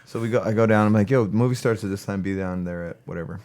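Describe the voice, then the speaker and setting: A man's voice: on the low side, rapid-fire, a little mellow. A man co-hosting a podcast, talking bluntly with heavy profanity and frequent laughter in casual chat. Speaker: podcast co-host. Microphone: studio podcast mic.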